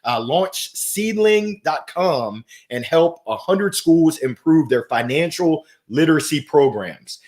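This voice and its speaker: A middle-aged man hosts a live motivational stream, slightly high-pitched and upbeat. He swings from soft to loud as he reads out viewer comments and answers them. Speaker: host of a weekly motivational livestream.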